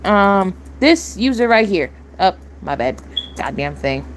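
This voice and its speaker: A woman's voice: mid-range voice, big pitch swings, measured pace, slight background noise. A young woman streamer ranting, heated and blunt, swearing and repeating herself. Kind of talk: angry rant on a live stream.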